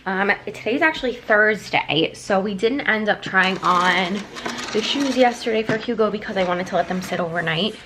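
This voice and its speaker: Chatty young mom vlogging at home. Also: female voice, medium pitch, moderate pace, background noise. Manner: chatty, rambling with many fillers. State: pregnant, out of breath. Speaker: vlogger and mother. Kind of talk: casual home vlog.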